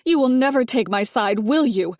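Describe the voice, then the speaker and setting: A woman's voice: fairly high pitch, animated, normal speed, darkish tone, no echo, voice pushed up, lightly acted. A disdainful older mother-in-law from a suspense audiobook, all cool condescension and cutting remarks, voiced by a woman narrator. The delivery is dry and close, with no room around it. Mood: aggrieved.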